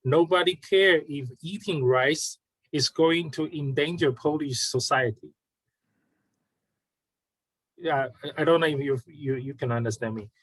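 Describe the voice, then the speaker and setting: A man from Taiwan with a Taiwanese accent, speaking as a guest in a casual conversation, halting and restarting often. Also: on the high side, a bit bright, no echo, poor audio.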